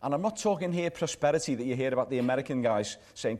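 A pastor giving a live sermon in a church service, earnest and repetitive, letting his phrases fall soft at the ends. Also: mid-range voice, fairly quick.

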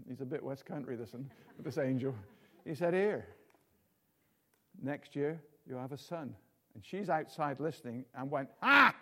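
A man's voice: fairly high pitch, a little mellow. Chatty, jokey male preacher. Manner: chatty, jokey, full of tag questions. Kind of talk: informal sermon.

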